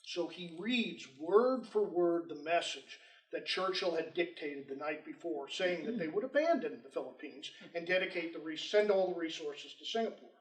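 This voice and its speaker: A man giving a storytelling history lecture, animated and acting out quoted dialogue, in a lecture room with roomy echo. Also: on the high side, normal speed. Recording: roomy echo, distant mic.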